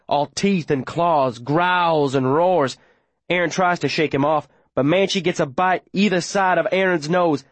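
A man's voice: on the high side, no echo. A man narrating an audiobook in the first person, with urgent, breathless, run-on telling.

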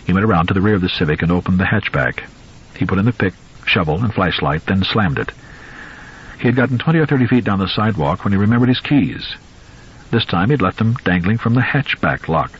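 A man narrating a novel in a measured, suspenseful storytelling voice. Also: deep voice, lively intonation, slightly rough, highs cut off. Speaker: audiobook narrator.

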